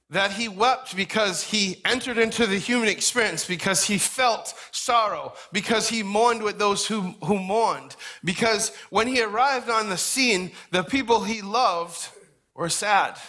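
A man's voice: high voice, pushed and bright. A middle-aged man preaching a sermon in a conversational, folksy way, with asides to the congregation. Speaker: pastor.

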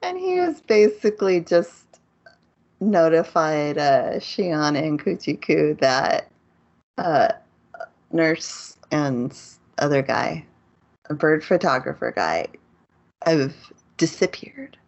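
A woman's voice: low voice, very animated, takes it slowly, darkish tone. A woman co-hosting a podcast in casual chat, recapping in a laid-back, hesitant way. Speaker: podcast co-host. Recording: dull lo-fi audio.

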